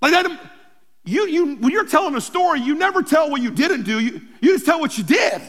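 A pastor preaching a sermon, telling the story in a humorous, lively way with playful asides. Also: male voice, very high-pitched, brisk. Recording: long hall reverb.

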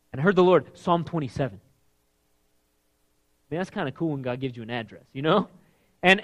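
A man preaching a sermon with a high voice that climbs as he gets fired up. He is emphatic and animated and sounds middle-aged. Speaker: pastor.

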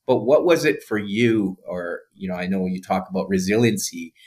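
A man with a very low, deep voice hosts a podcast interview. He asks long, thoughtful questions and leans on fillers as he builds up to them. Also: lively intonation, moderate pace, darkish tone. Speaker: podcast host. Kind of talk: interview conversation.

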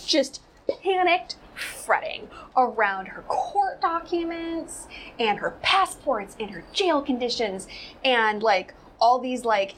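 Rambling and sarcastic, a woman runs a casual commentary show, filling her talk with constant "like"s. She speaks at a fairly high pitch, and the audio is poor, with slight background noise.

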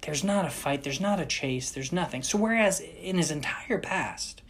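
Animated woman with a low voice. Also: moderate pace. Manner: animated, jokey, full of asides. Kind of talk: casual storytelling.

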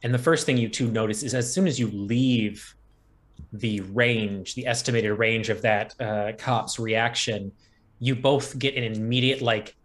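A man running a tabletop role-playing game, describing the setting at an easy pace. His voice sits at a middle pitch and stays calm as he sets the scene. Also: a little slow. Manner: descriptive, easygoing. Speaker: game master.

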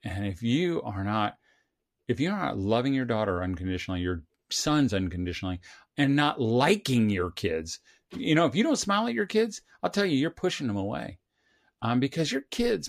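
A middle-aged man, an author and speaker, talking in an earnest, animated way as a guest in a casual conversation. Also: fairly high pitch, creaky. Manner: earnest, animated storytelling with restarts.

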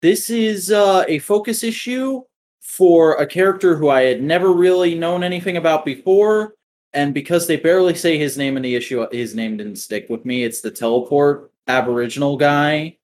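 A man chatting casually about comics on a podcast, offhand and quick to swear. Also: fairly high pitch, a little mellow. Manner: swears freely, rambling and offhand. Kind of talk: casual chat.

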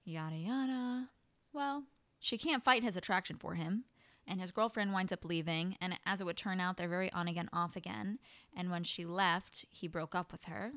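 A young woman hosting a podcast, reviewing a book in a chatty, animated way full of exasperated asides. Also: medium pitch, no echo. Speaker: podcast host. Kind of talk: casual book review monologue.

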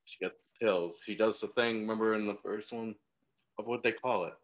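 Man, low voice, podcast co-host, casual movie chat, laughs often. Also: fairly even intonation, fairly quick. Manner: laughs often, adds short recap comments.

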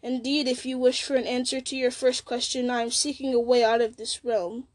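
A bitter old wizard, fallen and scornful, sneers at everyone around him, as a woman reads him aloud. His voice sits high and bright, with a mocking, resentful edge. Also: flat delivery, fairly quick, lightly acted.

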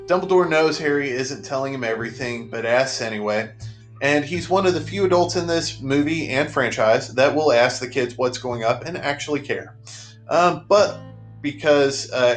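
A man with a mid-range voice recaps a film in a loose, comedic way and keeps dropping sarcastic asides. Faint guitar music sits underneath his talk. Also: medium pitch. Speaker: podcast host recapping a movie.

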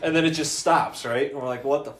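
A young man telling a story in casual chat, animated and laughing often, with plenty of swearing. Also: fairly high pitch, fast, heavy background noise. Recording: echoey room.

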